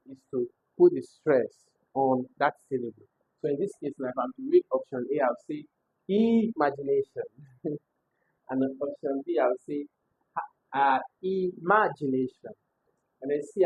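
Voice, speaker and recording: A man with a slightly high, husky voice walks students through exam questions one by one, sounding out each word several times. The audio is thin and tinny, like a phone line. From Nigeria. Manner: explains step by step, repeats words aloud to show sounds. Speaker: exam tutor. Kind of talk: exam prep lesson.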